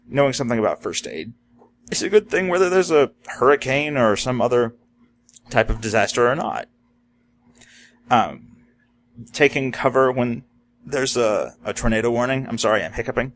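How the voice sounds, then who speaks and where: A man from Florida, USA, vlogs about disaster preparedness in a casual, unscripted monologue, talking plainly and reflectively and often pausing for "you know" and "um." His voice is mid-range, with a little hiss or hum in the audio.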